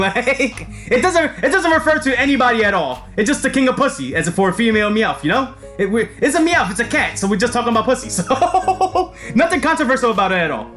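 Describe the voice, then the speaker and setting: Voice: medium pitch, a bit bright. Loose, laughing game streamer in casual commentary, swears freely, faint music under.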